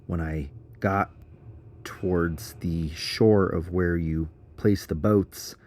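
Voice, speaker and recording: A man's voice: low voice, steady tone, slow pace, a little mellow. A man casually narrating an adventure story in a chatty, giggly way, full of fillers. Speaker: underground explorer.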